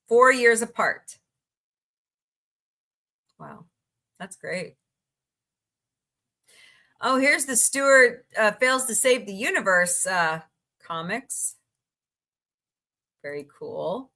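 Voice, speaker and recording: A woman from the United States hosts a casual live stream, reacting aloud as she reads the news and greets her viewers. Her voice has a bright, forward edge, and she takes her time with every phrase. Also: on the high side, lively intonation, very slow, long pauses. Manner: chatty, reacts aloud while scrolling, frequent laughs. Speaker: livestream host. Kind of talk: casual live chat, reading headlines.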